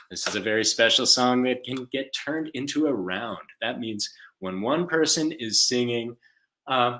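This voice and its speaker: A man leading a live online music class for young children at home, chanting and singing in a slow call-and-response style. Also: mid-range voice, lively intonation, pushed and bright. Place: home room.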